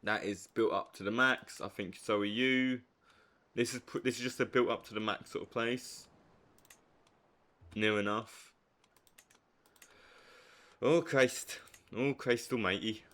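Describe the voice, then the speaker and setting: A young man giving live commentary on a strategy game, swinging from low muttering to hyped outbursts. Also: unhurried, long pauses, a bit bright. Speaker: streamer.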